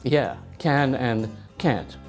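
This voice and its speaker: A man's voice: mid-range voice, extremely slow, loud music behind the voice. An American man co-hosting an English lesson, delivering short lines in a dry, teasing way. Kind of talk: scripted comic lesson dialogue.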